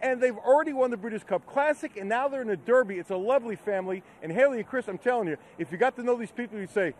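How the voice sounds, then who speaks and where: A man's voice: very high-pitched, quick pace. A man reporting a news feature, telling the story in a friendly storytelling manner. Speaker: sports reporter.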